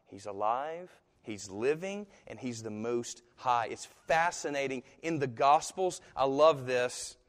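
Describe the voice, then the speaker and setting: Animated man preaching in an echoey hall. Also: medium pitch, unhurried. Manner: conversational, animated storytelling with asides and laughs. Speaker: pastor. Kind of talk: sermon.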